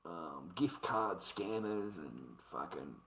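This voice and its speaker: Older Aussie bloke, aggrieved swearing rant, bright tense voice, roomy echo. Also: male voice, low-pitched, expressive, takes it slowly, vocal fry. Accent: Australian. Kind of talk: ranting vlog monologue.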